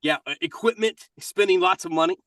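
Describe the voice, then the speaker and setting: A man's voice: high voice, steady tone, moderate pace, a bit bright, no echo, clean studio sound, distant mic. A middle-aged man, a voice actor and minister, talking casually and energetically in an interview.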